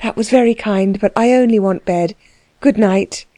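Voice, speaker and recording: Woman voicing a weary spirited young lady, tired, impulsive, mellow tone, storybook. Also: mid-range voice, normal speed, no echo, natural voice.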